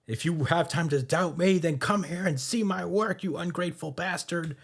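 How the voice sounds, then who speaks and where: Dude voicing a tired bitter old admiral, low-voiced, barely acted. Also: male voice, level tone, brisk, a little mellow, lightly acted. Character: weary older male navy admiral, bitter.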